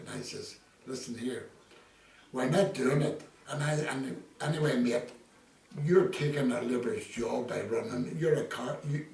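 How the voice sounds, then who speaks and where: An older Irish man with a creaky, mid-range voice is interviewed, telling rambling, casual stories full of quoted dialogue. The room is echoey, the mic distant, with faint ambience and slight background noise.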